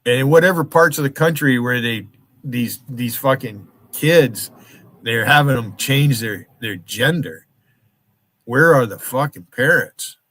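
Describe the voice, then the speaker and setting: Here a livestream host vents in an angry, profane rant, singling out viewers by name. He speaks unhurriedly in a mid-range voice that sounds bright and forceful.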